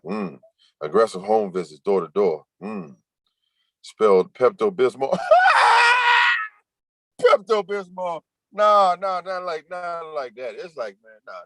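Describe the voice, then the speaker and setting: A man's voice: low-pitched, no room sound. A man hosting a livestream, chatting loosely in slang and reading viewers' comments aloud. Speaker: livestream host. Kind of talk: casual livestream chat.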